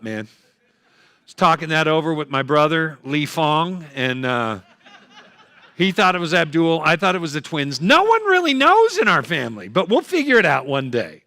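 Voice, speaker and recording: Bright-voiced older male stand-up comic. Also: on the high side, dry recording. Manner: punchy, joking, chatty. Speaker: comedian. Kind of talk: stand-up comedy set.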